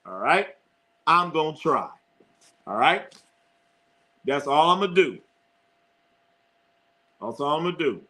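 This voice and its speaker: A middle-aged man chatting casually on a live sports stream, cursing freely and circling back to the same phrases over and over. His voice sits a little high and sounds bright and forward. He talks at an unhurried, drawn-out pace, laughing often between lines. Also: big pitch swings. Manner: rambling, profane, repeats phrases, laughs often.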